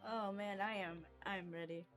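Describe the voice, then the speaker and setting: A young woman streaming from home, reading a visual novel aloud with giggly, expressive reactions on a desk microphone. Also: medium pitch, normal speed, faint music behind.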